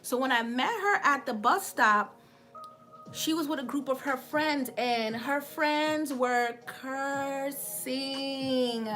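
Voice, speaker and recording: A woman's voice: high voice, slow, pushed and bright, soft background music. A woman, hosting a casual livestream, chatting with viewers and laughing often as she tells a story. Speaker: livestream host.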